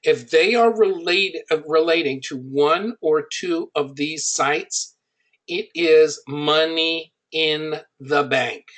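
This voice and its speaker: A man's voice: high-pitched, fairly bright tone, slightly rough. A middle-aged man coaching an audience on building an online business. He teaches through personal stories and speaks in a conversational, anecdotal way, hitting his key points with emphasis.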